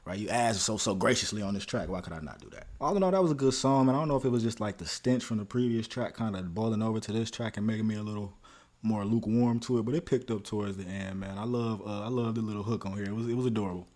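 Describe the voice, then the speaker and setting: A man's voice: on the low side, fast. A young man hosting a music reaction video, talking casually and animatedly to viewers. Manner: animated, talks straight to viewers with slang. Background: music playing.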